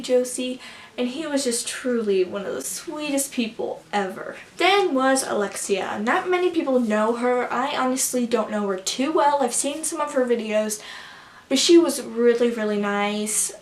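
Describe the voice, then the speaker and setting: A gushing, excitable young woman tells a casual vlog story, rambling and stacking fillers. Her voice sits a little high, and the room around her is roomy with a faint hiss of background noise. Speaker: vlogger.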